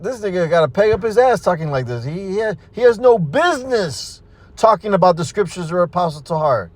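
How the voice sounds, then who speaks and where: A man with a notably high voice preaches hard and fast in street-sermon style. He swears casually, stumbles over restarts, and keeps checking in with "right?" and "you know?" as he pushes into his own testimony. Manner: forceful, profane, repeats "man" and "you see".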